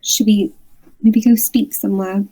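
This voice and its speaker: A woman player at a tabletop game speaks slowly and hesitantly. She stops and restarts her thoughts, and her pitch sits in the middle for a woman. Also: steady tone, warm tone, low-quality recording. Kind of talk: casual tabletop play.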